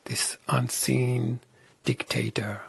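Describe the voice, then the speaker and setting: Husky, gravelly man speaking slowly. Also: mid-range voice, level tone. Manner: soft-spoken, often dropping into a whisper. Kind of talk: reflective conversational interview.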